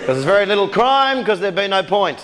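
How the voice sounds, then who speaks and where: An Australian man doing sweary, animated live stand-up, recorded in front of a loud audience. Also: high-pitched, fairly quick, crowd noise, noisy background. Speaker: stand-up comedian.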